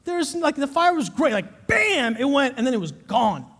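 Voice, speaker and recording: High-voiced man preaching in an echoing hall. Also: moderate pace. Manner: animated storytelling that drops to quiet intense urging. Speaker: pastor. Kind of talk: sermon. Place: church auditorium, live congregation. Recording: long hall reverb from a live church auditorium.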